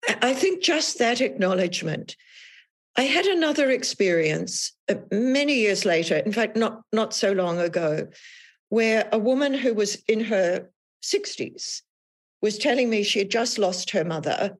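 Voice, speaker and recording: A woman author as an interview guest, talking thoughtfully about her experiences in a measured, reflective way. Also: medium pitch, expressive. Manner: thoughtful, measured, with frequent restarts. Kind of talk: reflective podcast conversation.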